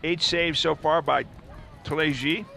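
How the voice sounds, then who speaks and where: Gravelly-voiced male football commentator. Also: on the high side, steady tone, measured pace, pushed and bright. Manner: chatty, reflective asides between plays. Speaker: play-by-play commentator. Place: stadium commentary booth with air conditioner.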